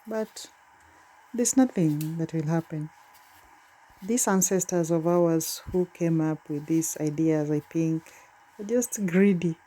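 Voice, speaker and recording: A woman's voice: low-pitched, warm tone. A woman vlogging from village life, talking casually and straight to her viewers. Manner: chatty, speaks straight to viewers.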